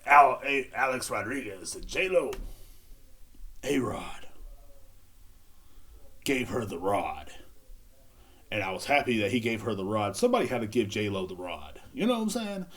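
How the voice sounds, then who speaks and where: A man's voice: on the low side, very animated, brisk, fairly bright tone. A young adult man hosting a solo podcast, ranting in a sarcastic, profane, rambling way with many restarts. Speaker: podcast host. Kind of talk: casual solo rant.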